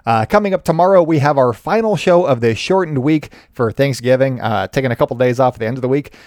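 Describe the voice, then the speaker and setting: A man's voice: medium pitch, quick pace, darkish tone, no room sound. A man talks alone into a podcast mic and keeps it loose and chatty. He jokes at his own expense, and his voice sits in an ordinary middle range. The sound is close and dry. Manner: chatty, joking and self-deprecating. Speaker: sports podcast host. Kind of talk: casual solo podcast commentary.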